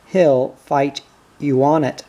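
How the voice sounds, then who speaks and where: A troubled country wife pours out her worries about her husband at a slow, weighed pace. An audiobook reader voices her in a plain, everyday register with a middle pitch, without a strongly put-on voice. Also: steady tone, dark tone.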